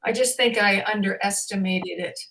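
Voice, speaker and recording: A woman in casual conversation, telling a personal story in an animated way and laughing along. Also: medium pitch, moderate pace.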